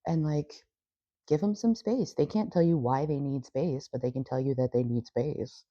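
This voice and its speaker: A woman's voice: a bass voice, moderate pace, dark tone, no echo, lo-fi sound. A young woman chatting casually in a vlog, rambling and swearing freely. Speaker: vlogger. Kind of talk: casual chat.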